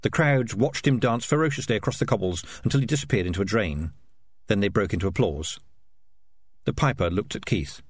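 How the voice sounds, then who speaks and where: A man narrating an audiobook as an expressive storyteller. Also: on the low side, brisk, husky, dry recording.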